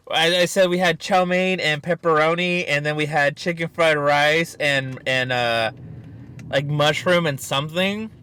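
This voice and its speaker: A man in his thirties trades stories on a casual eating show. His voice is bright and forward, pitched a touch high, and sounds close and dry. He laughs often and swears freely as he talks. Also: a little slow, long pauses, clean tone, dry recording. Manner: animated storytelling, frequent laughter and swearing. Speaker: podcast co-host. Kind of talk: casual chat while eating.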